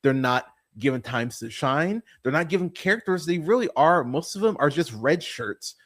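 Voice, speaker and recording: A man's voice: fairly high pitch, normal speed. A man hosting a movie review podcast, talking in a casual, profane, exasperated rant. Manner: animated, swearing, exasperated.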